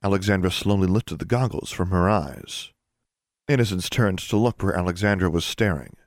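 Reading a fantasy audiobook script, a man tells the tale in a steady, measured manner with a low voice. There's no room sound at all, just clean studio audio.

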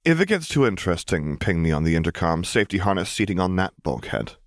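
A man voicing a stern but fond young mother who speaks in firm, crisp commands. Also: low-pitched, big pitch swings, fast, dry recording, clean studio sound. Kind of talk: audiobook character voice.

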